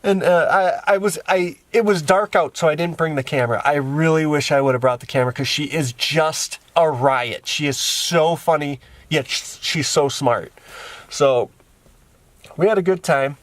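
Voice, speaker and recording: A man's voice: fairly high pitch, normal speed, no room sound. A tired man vlogging casually from inside his camper van, rambling with lots of restarts and fillers. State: tired from a long day. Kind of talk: casual vlog chat.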